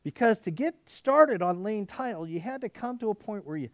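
A male pastor preaching a sermon in an animated, conversational way, often restarting and checking in with "okay?". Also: high-pitched, normal speed, no echo.

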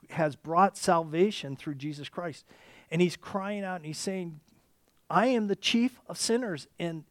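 A man preaching a sermon, reading scripture aloud and speaking straight to the congregation, moving from impassioned cries to hushed near-whispers. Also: high voice, no room sound, clean studio sound.

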